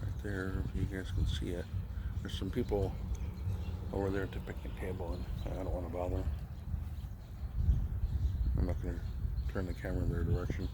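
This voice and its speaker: A man casually vlogging on a riverside walk with his dog, chatting to viewers and cooing to the dog, sometimes hushed. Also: sits low, monotone, brisk, pauses often, heavy background noise. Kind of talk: casual walking vlog. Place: outdoors on a riverside trail. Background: faint birds and outdoor ambience.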